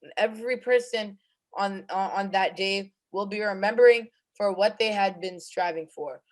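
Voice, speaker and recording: A man's voice: high-pitched, moderate pace. A male presenter who recites Arabic Quran verses, then explains them in English, with frequent fillers and restarts. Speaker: student presenter of Quran commentary.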